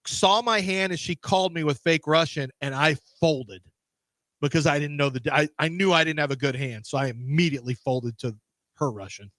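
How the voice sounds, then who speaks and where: A man's voice: on the high side, normal speed, no room sound. A man hosting a radio show in casual studio banter, telling stories animatedly and acting out the voices. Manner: animated storyteller who acts out voices. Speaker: sports radio host.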